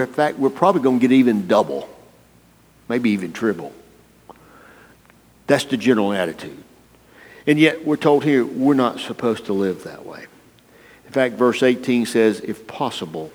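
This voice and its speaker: A man's voice: mid-range voice, a little mellow. A man preaching a folksy, playful sermon, calling out to people in the congregation by name. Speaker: pastor. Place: church. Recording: long reverb of a church hall.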